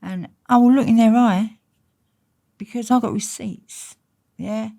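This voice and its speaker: A woman's voice: fairly high pitch, unhurried, creaky, mellow. A woman with an Essex accent, an interview guest telling stories bluntly and swearing freely. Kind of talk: candid casual storytelling.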